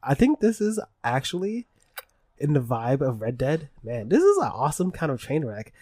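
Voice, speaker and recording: A tipsy young man co-hosting a podcast, excitable and swearing a lot, laughing often. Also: medium pitch, moderate pace, slightly rough, no room sound, studio quality. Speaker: podcast co-host. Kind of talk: casual chat.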